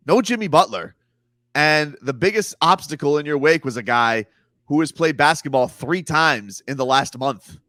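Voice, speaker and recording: A man talks sports on morning radio, needling opponents with rhymes and sneering put-downs. His pitch swings widely and sits a little high. The sound is dry and close. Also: fairly bright tone, no echo. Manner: mocking, rhyming trash talk with put-on whiny voices. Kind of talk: sports talk radio banter.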